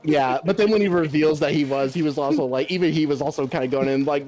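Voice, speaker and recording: A man's voice: fairly high pitch, big pitch swings, moderate pace, darkish tone. A man streaming a game, casually chatting and retelling cartoon scenes with constant swearing.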